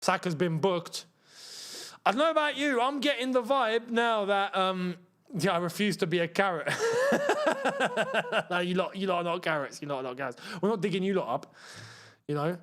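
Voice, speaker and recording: A young man hosting a live football watchalong, chatting to his viewers and reacting loudly to missed chances. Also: high voice, brisk. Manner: excitable, shouts at missed chances, banters with chat. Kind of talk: live match watchalong commentary.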